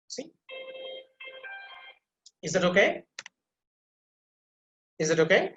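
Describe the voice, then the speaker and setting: A male teacher giving a pronunciation lecture, repeating example words slowly and stressing their syllables, a native Bengali speaker. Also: a little high, animated, roomy sound, highs cut off. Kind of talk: online lecture.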